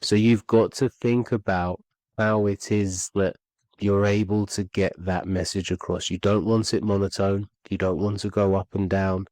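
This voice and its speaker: A man's voice: fairly low pitch, flat delivery, normal speed, a little mellow, dry recording, low-quality recording. A man teaching voice and speaking skills on a podcast, earnest and repeating key points for emphasis. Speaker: communication skills coach. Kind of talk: instructional podcast talk.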